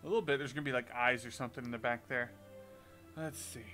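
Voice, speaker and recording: A man's voice: mid-range voice, steady tone, fast, poor audio. Man streaming a game, casual and chatty, joking, swears, game music behind. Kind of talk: live-stream gameplay commentary.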